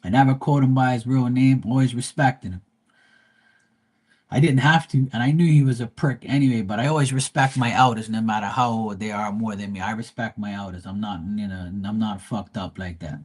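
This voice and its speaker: Man, husky voice, profane, heated casual storytelling, livestream. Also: on the low side, fairly even intonation, brisk, a little mellow. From Bermuda. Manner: profane, heated retelling of a quarrel. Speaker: live tarot reader.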